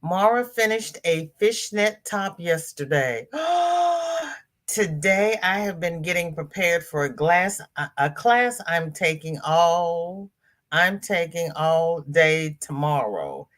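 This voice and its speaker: A woman's voice: fairly low pitch, animated, takes it slowly. A woman hosting a casual crochet livestream from her laptop. She greets viewers by name, reads their comments aloud and calls them girl, honey and darling.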